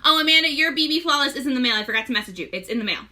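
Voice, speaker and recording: In her casual live makeup tutorial, a young pregnant host who sells makeup chats, welcomes viewers by name and often gets short of breath. Her voice sits high, animated, pushed and bright, and she races along.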